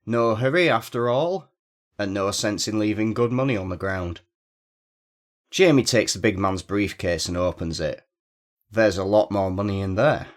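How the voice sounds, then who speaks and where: Deep low voiced guy, steady measured story reading, first person crime tale. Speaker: narrator.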